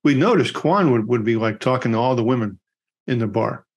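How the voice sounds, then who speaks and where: A man's voice: medium pitch, animated, brisk, muffled recording. A middle-aged man co-hosting a podcast, chatting casually and telling long rambling anecdotes. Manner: rambling anecdotal storyteller with many fillers. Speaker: podcast co-host. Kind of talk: casual chat and storytelling.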